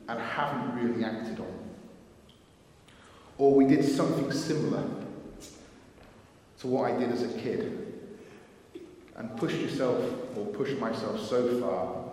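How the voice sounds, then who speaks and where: A man preaching a sermon, earnest and unhurried, sometimes acting out what people think. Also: darkish tone. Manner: slow, earnest, acts out quoted thoughts with rising pitch. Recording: roomy hall from a distance.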